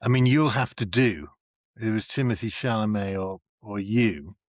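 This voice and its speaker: A man, a podcast guest, chatting casually and telling animated stories that act out other people's lines. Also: fairly low pitch, moderate pace, no room sound, clean studio sound. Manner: animated storyteller, acts out quoted voices. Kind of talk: casual chat.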